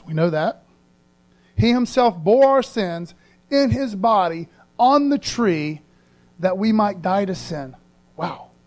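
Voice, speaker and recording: A man's voice: sits high, a little mellow. A man preaching a sermon as pastor in a casual, earnest way, using slang and repeating phrases for emphasis.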